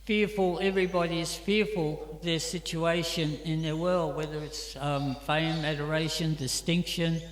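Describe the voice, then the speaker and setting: High-voiced Australian man telling stories. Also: fairly even intonation, normal speed, hardly any pauses. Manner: chatty, anecdotal, many fillers. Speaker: class speaker. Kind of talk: storytelling scripture class. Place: temple hall. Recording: echoey temple hall.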